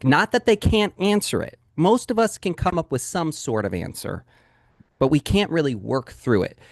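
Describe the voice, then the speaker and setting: A man coaching a live training call on a video call, energetic and emphatic as he talks straight to his audience. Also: on the high side, moderate pace, gravelly, no echo, clean studio sound. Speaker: real estate sales coach.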